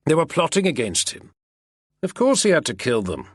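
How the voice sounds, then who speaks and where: A sly, sardonic male schemer, read by a man in an audiobook, speaking in an artful, purring drawl. His pitch swoops lively and the tone is slightly husky. The recording is dry and close. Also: moderate pace, no echo, heavily acted. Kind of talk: audiobook character reading.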